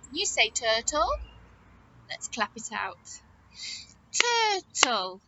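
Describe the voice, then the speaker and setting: A woman with a high, bright voice that swoops up and down as she leads a phonics lesson for small children. She speaks slowly and coaxingly, asking question after question in a sing-song way. A faint hum of room sound sits behind her. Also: low-quality recording. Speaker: teacher.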